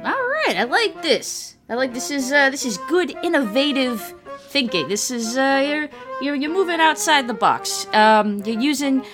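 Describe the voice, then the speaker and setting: A woman voicing Bash, a brash male mob enforcer who talks tough and mock-friendly, with loud music behind. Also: high voice, expressive, moderate pace, pitched above the performer's own voice. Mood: scheming. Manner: wisecracking, tough-guy slang, mock friendly.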